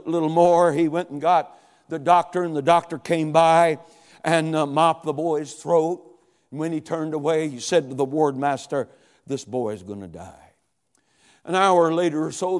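A middle-aged man preaching a sermon, telling a story dramatically, dropping to a hush and then rising to a shout. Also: on the high side. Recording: long hall reverb.

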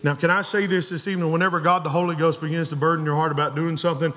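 A man's voice: a little high, level tone, racing, sharp tone. A man preaching a sermon in a church, building emphasis and acting out the voices of the figures he quotes. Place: church sanctuary. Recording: long reverb of a church hall.

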